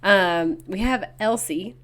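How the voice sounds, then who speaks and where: A woman co-hosting a book podcast in casual chat, quickly quoting characters' lines as she talks. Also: mid-range voice, fairly bright tone. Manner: chatty, acts out characters' lines in quotes. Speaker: podcast co-host.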